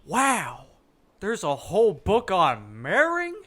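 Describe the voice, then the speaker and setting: Man doing a flustered stammering mayor, lively swooping voice, slow, fan dub. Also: sits high, heavily acted. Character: bumbling small-town male mayor.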